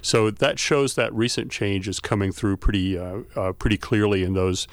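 A man who is a university scholar of regional culture, giving measured, explanatory answers as a radio guest, with many fillers. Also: on the low side, no room sound.

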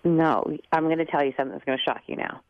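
A woman's voice: deep voice, fast talker, no echo, dull audio. A woman with a Southern US accent, chatting upbeat and laughing as a radio interview guest. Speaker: cookbook author and TV cook, radio guest.

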